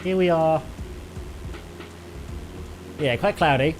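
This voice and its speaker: With soft background music playing, a young British streamer chats casually to his live audience mid-flight in a simulator, often laughing and wandering off topic. He talks slowly in a fairly high-pitched voice.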